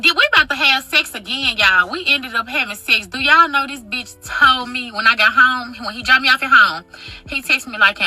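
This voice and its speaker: A woman in her twenties telling a casual storytime, profane, dramatic and animated. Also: high-pitched, normal speed, faint music behind, rough recording. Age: 20s.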